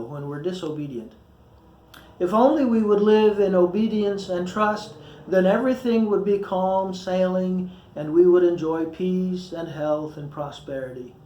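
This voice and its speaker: A man's voice: high-pitched, darkish tone, reverberant. A male pastor giving a short sermon, reading scripture with feeling and acting out the quoted voices. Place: church.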